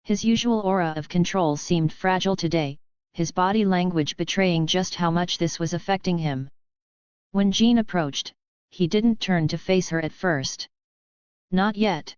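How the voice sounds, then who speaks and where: A woman narrates an audiobook in a smooth, fairly low voice. She reads evenly and measured. The recording is dry and dull. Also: no room sound. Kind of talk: scripted narration.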